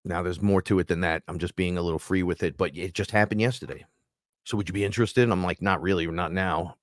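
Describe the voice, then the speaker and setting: A man's voice: deep voice, steady tone, fast, dry recording, studio quality. A man hosting a live stream, rambling and swearing casually, often laughing. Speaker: podcast host.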